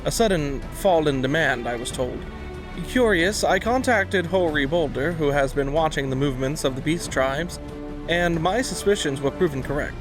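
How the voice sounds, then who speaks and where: A man reading the lines of a composed young male scholar from a video game, calm and explanatory. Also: on the high side, normal speed, music in the background, lightly acted. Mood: earnest. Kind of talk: reading game dialogue aloud.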